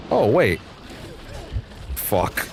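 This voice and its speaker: A man's voice: lowish voice, sing-song, drawn-out words, background noise. A man streaming a video game, rambling casually and swearing at his mistakes. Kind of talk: live gameplay commentary. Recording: game music clearly behind. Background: game music.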